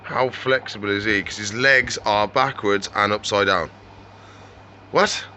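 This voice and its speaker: Man, chatty, talks to his animals, bright voice, faint background hum. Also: on the low side, steady tone, normal speed, poor audio. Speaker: reptile shop owner. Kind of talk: casual vlog chat.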